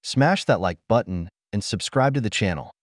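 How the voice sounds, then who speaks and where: A man with a lowish voice narrates scripted commentary as the channel host. His delivery is blunt and opinionated, with lively swings in pitch. The sound is very dry and close. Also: normal speed, no room sound.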